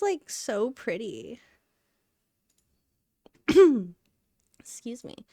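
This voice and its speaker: This woman's mid-range voice is sing-song and darkish, slow-paced with long pauses, recorded as clean studio sound without echo. She rambles casually during a live stream while she works, narrating herself and sounding slightly winded.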